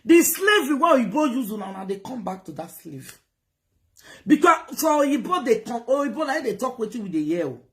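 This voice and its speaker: Animated woman with a Nigerian Pidgin accent. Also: on the high side, fairly quick. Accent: Nigerian Pidgin English. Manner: animated, lecturing and exhorting, switching between Pidgin and English. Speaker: vlogger giving advice. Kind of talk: casual live-stream talk. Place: United Kingdom.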